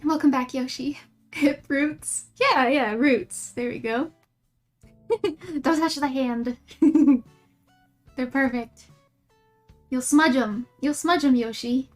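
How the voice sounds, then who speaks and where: A woman's voice: sits high, slow pace, long pauses, soft background music. A young woman streaming live as she draws, chatting casually in a rambling, giggly, self-mocking way. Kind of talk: casual livestream chat while drawing.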